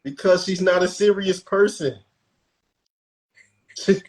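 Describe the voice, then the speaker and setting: A man's voice: sits high, slow pace, rough recording. A man hosting a podcast in casual chat, laid-back, laughing often and restarting his sentences. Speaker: podcast host.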